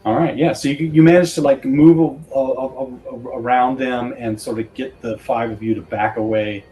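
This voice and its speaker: A man narrating as game master of a tabletop horror game, halting with many fillers. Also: medium pitch, steady tone, dark tone, faint music behind, poor audio.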